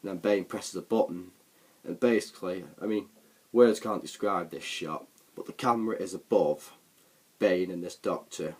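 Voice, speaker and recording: A man's voice: low voice, normal speed, breathy edge. A man giving a casual, rambling film recap for a vlog, with frequent fillers and restarts. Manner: rambling, full of ums and restarts. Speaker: film reviewer.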